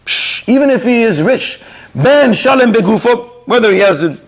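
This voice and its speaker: Animated, husky-voiced rabbi giving a class. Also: male voice, extremely high pitch, moderate pace. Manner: animated, rising sharply to mock rebukes. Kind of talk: sermon-style Torah lecture.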